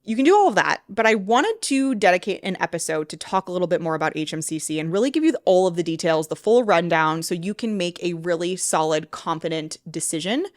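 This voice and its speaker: A woman's voice: on the low side, expressive, fairly quick, hardly any pauses, no echo, studio quality. A woman, hosting her own podcast in a casual, heartfelt way, often laughing and swearing when she gets passionate. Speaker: podcast host and mindset coach. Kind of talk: casual solo podcast talk.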